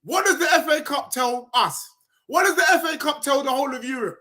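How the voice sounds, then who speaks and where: A man argues football on a video call. His voice is bright and ringing, and he talks insistently, repeating himself to get a word in. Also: very high-pitched, animated, brisk. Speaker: football podcast guest. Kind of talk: heated football debate.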